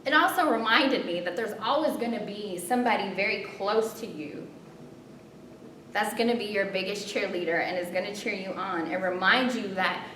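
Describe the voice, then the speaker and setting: Woman, storyteller, expressive, medium pitch, echoey room, steady rumble behind. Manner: expressive, voice jumps high in scared moments, softens in reflection. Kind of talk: spoken storytelling performance. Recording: roomy, distant, rumbling background.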